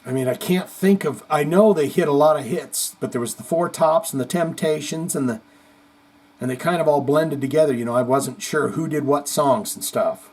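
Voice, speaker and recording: A man's voice: a little high, moderate pace, a little mellow, low-quality recording. A man hosting a casual podcast, reading viewer comments aloud with chatty, rambling asides. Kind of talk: casual chat.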